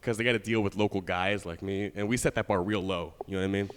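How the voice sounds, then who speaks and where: A man's voice: deep voice, fairly even intonation, fast. A young man performing a stand-up comedy set, brash and crude, laughing at his own jokes. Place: studio stage with live audience. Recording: live audience with long hall reverb.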